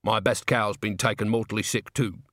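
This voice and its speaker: A man's voice: lowish voice, steady tone, moderate pace, a bit bright, dry recording, clean studio sound. A man voicing a worried, hesitant tavern keeper who stumbles over his words. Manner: hesitant, with ums.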